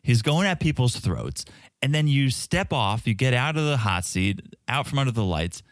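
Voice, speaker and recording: A man's voice: medium pitch, moderate pace, no echo, clean studio sound. A man co-hosting a podcast, chatting casually and acting out what cast members said. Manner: animated, acts out cast members' lines in quotes. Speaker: podcast co-host. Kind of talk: casual recap chat.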